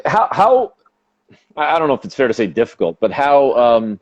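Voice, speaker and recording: A man's voice: medium pitch, very animated, moderate pace. A man from Canada hosting an interview, asking long rambling questions. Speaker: podcast host. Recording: dull lo-fi audio.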